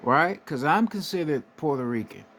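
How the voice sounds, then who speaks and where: A man's voice: on the high side, animated, moderate pace, a bit bright, a little hiss or hum. A man from the United States giving a casual, emphatic monologue, swearing freely and often asking "right?" to drive his points home. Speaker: spiritual commentator.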